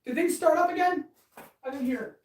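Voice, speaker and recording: A woman blacksmith chatting fast and eagerly with her live-stream audience while she works in her workshop. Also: sits high, darkish tone, a little hiss or hum, low-quality recording. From Canada. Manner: chatty, talks fast, answers chat eagerly. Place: workshop with power tools.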